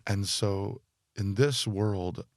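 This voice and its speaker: Deep gravelly-voiced male guest. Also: extremely slow, no room sound, clean studio sound. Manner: thoughtful, speaks in loose phrases with many fillers. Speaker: guest, musician and spiritual teacher. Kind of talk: reflective podcast conversation.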